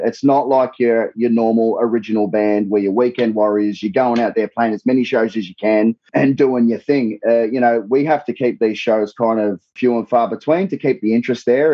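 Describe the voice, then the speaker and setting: A man's voice: mid-range voice, husky, dry recording, muffled recording. An Australian man, a singer, chatting casually in an interview, swearing freely and rambling with many restarts. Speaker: tribute band singer, guest.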